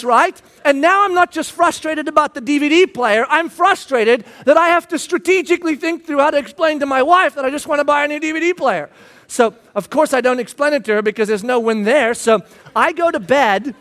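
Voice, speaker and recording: Animated and self-deprecating, a pastor in his thirties recounts a personal story in his sermon, breaking into shouts while re-enacting himself. His pitch is extremely high and his delivery brisk.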